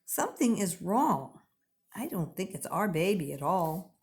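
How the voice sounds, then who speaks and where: A woman's voice: fairly low pitch, very animated, measured pace. A woman voicing a doubtful, fussy mother bird in a storybook read-aloud. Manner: doubting, fretful.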